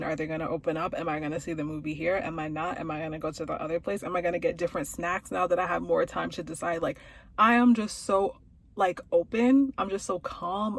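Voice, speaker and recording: A woman's voice: lowish voice, husky. A woman talking casually and candidly to camera in a vlog, with slangy asides. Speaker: vlogger.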